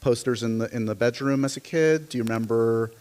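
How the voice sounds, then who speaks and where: A man's voice: mid-range voice, brisk, a little mellow. Joking male interview host. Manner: joking, teasing. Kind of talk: interview chat.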